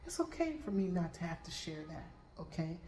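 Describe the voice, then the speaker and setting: This fairly low-pitched female voice moves briskly, swings widely in pitch, and has a darkish tone plus a little hiss or hum. The speaker, a middle-aged Reiki master and tarot reader, tells her viewers spiritual stories, pausing for an "okay?" after nearly each point, in a roomy room with faint ambience.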